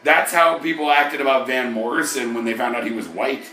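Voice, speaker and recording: A man's voice: mid-range voice, fairly quick, pushed and bright. A young man co-hosting a casual podcast, rambling and joking with friends, swearing freely. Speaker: podcast co-host. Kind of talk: casual chat among friends. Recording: echoey room with music behind.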